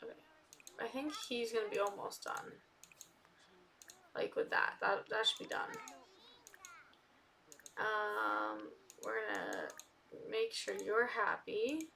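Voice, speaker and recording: A young woman casually commenting on a life-sim game, chatting to the characters and getting loudly indignant at times. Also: mid-range voice, sing-song, slow, gravelly, pauses often. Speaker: gaming video creator.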